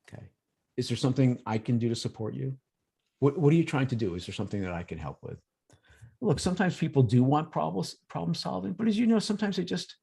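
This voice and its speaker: A man presenting a workshop in a relaxed, conversational way over a video call, acting out everyday examples. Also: mid-range voice, fairly quick, creaky, breathy edge. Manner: lively, acts out examples in quoted voices. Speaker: workshop presenter on emotional intelligence.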